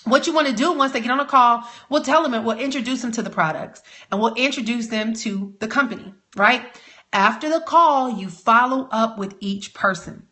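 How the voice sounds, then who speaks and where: A woman coaching network marketers in a live training talk, energetic and emphatic, rallying her audience. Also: fairly high pitch, moderate pace.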